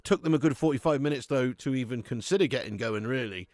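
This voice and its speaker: English guy hosting a live match watch-along, gravelly, chatty, calls everyone mate, dry mic. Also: mid-range voice, fast, darkish tone, no echo. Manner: casual banter reading chat comments; laughs often, calls people mate.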